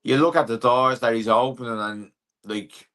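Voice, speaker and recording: A young Irish man, a professional boxer, talking through a casual interview in a relaxed, plain-spoken way with plenty of fillers. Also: medium pitch, normal speed, crowd noise.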